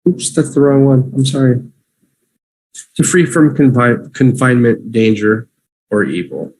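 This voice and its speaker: Slow, husky male English teacher. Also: mid-range voice, darkish tone. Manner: slow, drawn-out repetition for learners. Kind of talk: livestream vocabulary lesson.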